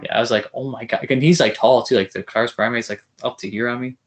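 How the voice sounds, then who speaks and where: A man's voice: mid-range voice, steady tone, fast. A young man hosting a casual podcast interview, eager and a little starstruck. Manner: eager, starstruck, soft-spoken asides. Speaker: podcast host.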